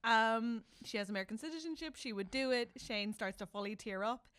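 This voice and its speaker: A woman co-hosting a podcast in lively casual chat, bouncing between quick asides and acted-out lines from the show. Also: a little high, clean tone, dry recording, clean studio sound. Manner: animated, quick asides, acts out characters' lines. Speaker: podcast co-host.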